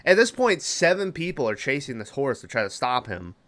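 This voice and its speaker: A man hosting a podcast, recapping a film plot in a casual, rambling way, swearing freely and filling pauses with "uh" and "you know". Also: medium pitch, big pitch swings, a bit bright. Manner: profane, rambling, lots of fillers. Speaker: podcast host.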